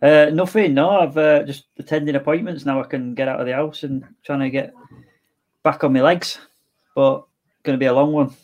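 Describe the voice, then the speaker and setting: A man's voice: fairly high pitch, fairly even intonation, normal speed, a little mellow, dull audio. A young man co-hosting a casual football podcast, talking in a dry, teasing way. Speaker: podcast co-host.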